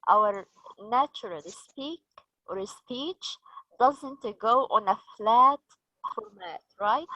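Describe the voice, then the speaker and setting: Slow, patient Egyptian woman trainer. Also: fairly high pitch, animated, pushed and bright, dry recording, dull audio. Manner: slow, patient, asks the group questions. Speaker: teacher trainer. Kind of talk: training session for teachers.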